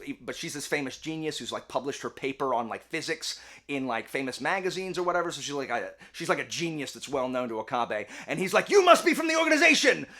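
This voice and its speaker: A young man giving a casual, chatty review, full of fillers and animated retellings. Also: fairly high pitch. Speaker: book and game reviewer.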